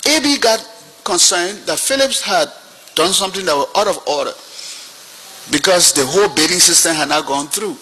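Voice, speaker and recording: A man's voice: sits high, expressive, normal speed, sharp tone, breathy edge, rough recording. An older man with a Liberian English accent telling a story as a witness at a hearing, animating the people he quotes. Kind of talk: storytelling testimony.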